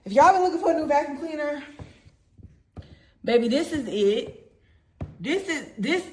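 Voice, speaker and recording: A woman's voice: high-pitched, lively intonation, moderate pace, pauses often. A woman, gushing in a casual vlog, talking to her viewers and out of breath. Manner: gushing, chatty, addresses viewers as y'all. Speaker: product reviewer.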